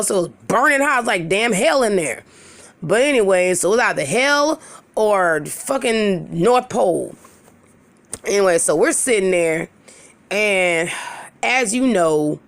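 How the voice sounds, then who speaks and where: A woman in her thirties telling a story to her viewers in a casual, profane, animated way. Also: medium pitch. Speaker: storytelling vlogger.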